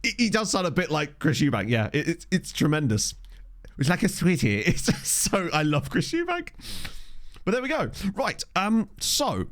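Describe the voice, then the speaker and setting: A chatty man with a lively, slightly high voice streams a game and talks casually with his chat. His banter is rambling and self-deprecating, and he uses a desk condenser microphone.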